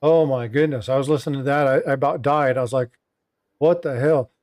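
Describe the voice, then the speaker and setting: A man's voice: medium pitch, steady tone, fast talker, darkish tone. A middle-aged man hosting a casual livestream panel, rambling with lots of "um" and "you know" and reading viewer comments aloud. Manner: rambling, filler-heavy, reads viewer chat aloud. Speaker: livestream host.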